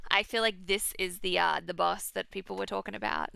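A woman's voice: mid-range voice, fairly even intonation, fairly quick, vocal fry, very noisy. A young woman streaming a horror game, chatty and self-mocking, who shrieks at every scare. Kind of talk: live gameplay commentary. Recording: game music loud behind the voice.

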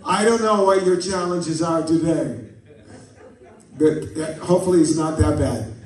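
A man's voice: a little high, unhurried, darkish tone. Folksy male preacher in an echoey church. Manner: folksy, tells jokes and stories, asks the congregation for amens. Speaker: pastor. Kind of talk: sermon. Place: church sanctuary. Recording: echoey church from a distant mic.

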